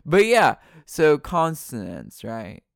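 A man's voice: a little high, huge pitch swings, slow pace, creaky, smooth, dry recording, clean studio sound. Rambling, playful young man podcasting alone. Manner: playful, rambling, repeats words, drifts from the mic. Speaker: podcast host. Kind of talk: rambling solo podcast monologue. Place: his bedroom.

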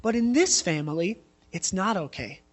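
A man's voice: high voice, very animated, moderate pace. A man in his thirties preaching a sermon in a conversational way, telling personal stories with frequent asides. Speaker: pastor.

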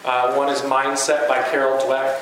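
A man's voice: medium pitch, completely flat delivery, normal speed, fairly bright tone, slight background noise. Earnest male teacher in an echoey room. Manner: earnest, conversational, many fillers and restarts. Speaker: teacher and basketball coach. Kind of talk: conference talk to educators. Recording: very echoey room with faint ambience.

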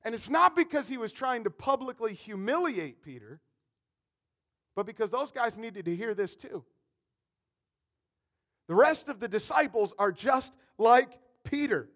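A man preaching a conversational, animated sermon as a pastor, often repeating words as he builds a point. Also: very high-pitched, measured pace, pauses often.

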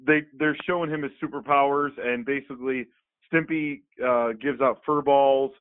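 A man co-hosting a podcast, retelling a comic in a rambling, animated way with many fillers. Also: medium pitch, normal speed, clean tone, dry recording. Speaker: podcast co-host. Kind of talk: casual chat. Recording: phone-like, dry sound.

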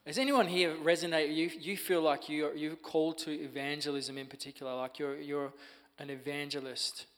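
A man's voice: on the high side, little pitch movement, brisk, a bit bright, big-room sound. A man hosting a church interview as pastor, giving short encouraging affirmations.

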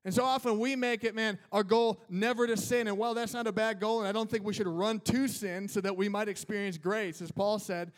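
A male pastor preaches in a high, bright voice, loose and conversational. He talks to the room like a friend, with easy fillers and frequent restarts. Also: fairly even intonation, fairly quick, few pauses. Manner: casual, conversational, with fillers like "man" and "like". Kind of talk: sermon.

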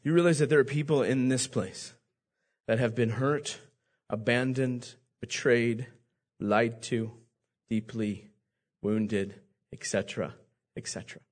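A man's voice: mid-range voice, a little slow, long pauses. A man preaching a sermon as pastor, speaking earnestly and directly to his congregation, often repeating words.

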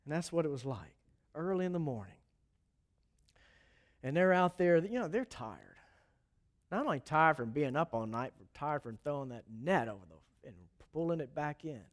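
A man preaching a sermon in a chatty, animated storytelling way, adding asides and chuckles. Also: fairly high pitch, moderate pace, pauses often.

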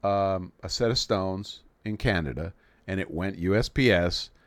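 Lowish guy from nyc hosting his stream, joking around, rambly, lots of restarts, dry sound. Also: measured pace, no room sound. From New York City. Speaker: livestream host. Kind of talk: casual livestream chat.

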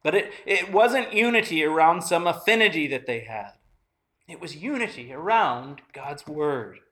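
A man's voice: on the high side, expressive, normal speed, sharp tone. A male pastor in his thirties preaching a sermon, earnest and conversational, repeating key phrases for emphasis and restarting his sentences.

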